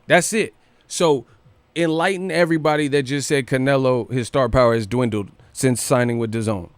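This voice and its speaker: A man hosting a boxing news livestream, ranting casually with profanity and rapid rhetorical questions. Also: mid-range voice, clear, resonant tone, no echo.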